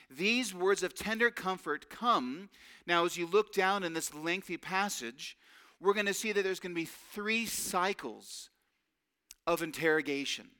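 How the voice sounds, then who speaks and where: A man's voice: fairly high pitch, sharp tone. A man preaching a sermon, earnest and emphatic, drawing out key phrases.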